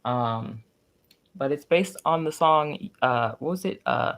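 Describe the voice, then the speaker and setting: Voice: medium pitch, expressive, slow, fairly bright tone. A young adult livestreamer chatting casually, rambling, swearing freely and getting giggly and flustered when reacting to old drawings.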